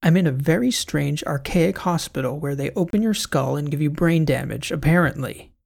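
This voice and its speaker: A man's voice: on the high side, gravelly, darkish tone. A man voicing a bewildered amnesiac woman. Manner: bewildered, slow and careful. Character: puzzled woman out of place, memory lost. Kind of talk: audiobook character voice.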